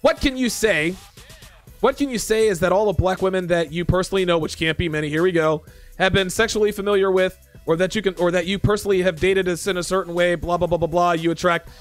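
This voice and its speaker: A man's voice: high voice, fast, soft background music. A man hosting a dating commentary show, ranting in exasperation at viewer comments with profane sarcasm.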